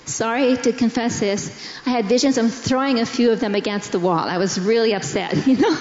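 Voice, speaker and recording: A middle-aged woman telling a personal story to a church congregation in a slow, earnest way. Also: on the high side, a little mellow. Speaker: pastor's wife sharing testimony. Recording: echoey hall, dull sound.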